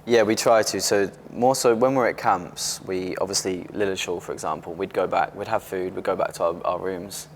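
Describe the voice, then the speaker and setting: In a relaxed interview, a twentysomething athlete from Britain talks openly and with animation, often starting over mid-sentence. His voice sits low, and he speaks at a moderate pace with few pauses, over slight background noise.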